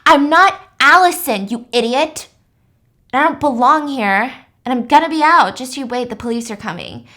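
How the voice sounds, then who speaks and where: A woman voicing a young woman patient who is frantic and defiant, talking loud and urgent. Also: high-pitched, expressive, moderate pace.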